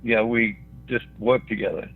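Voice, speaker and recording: A man's voice: on the low side, steady tone, normal speed, breathy edge, soft background music. An older man from Australia, a guest telling anecdotes with chuckles along the way. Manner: chuckles through his own stories. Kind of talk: anecdotal storytelling. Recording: tinny phone line.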